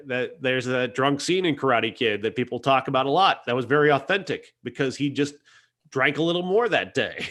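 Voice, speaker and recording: A man with a medium-pitched, slightly bright voice reviews a film on a podcast. He's earnest and conversational but hesitant, often stopping and restarting sentences as he works out his thoughts.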